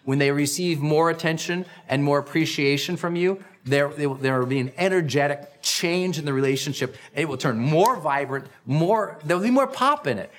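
A middle-aged man hosting a personal growth podcast, giving an energetic, emphatic motivational talk. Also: moderate pace, hardly any pauses. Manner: energetic, emphatic, acts out quoted lines with big pitch swings.

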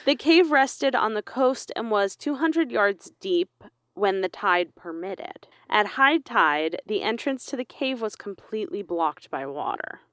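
A woman's voice: medium pitch, animated, measured pace, a bit bright, no echo, studio quality. A young woman co-hosting a podcast, laughing often as she reads a true crime story aloud in casual chat. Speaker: podcast co-host.

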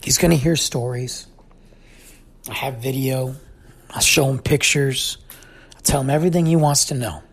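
Husky-voiced man in his forties. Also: medium pitch, normal speed, long pauses. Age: 40s. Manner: heartfelt, thoughtful storytelling. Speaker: father telling a family story. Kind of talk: personal reflective monologue.

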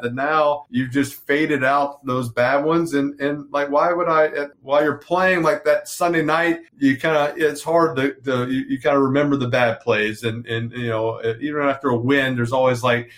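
A man's voice: medium pitch, fairly even intonation, moderate pace, hardly any pauses, a bit bright. Rambling retired quarterback, man. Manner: rambling, self-correcting, lots of fillers. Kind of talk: casual interview talk.

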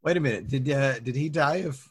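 Brief: husky, bemused man in an improv podcast sketch. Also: mid-range voice, fairly quick. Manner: bemused, laughing questions. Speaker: comedy podcast performer.

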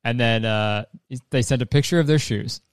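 A man's voice: medium pitch, normal speed, clean tone, no room sound, studio quality. A man hosting a podcast in casual, rambling chat, swearing freely and laughing often. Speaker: podcast host.

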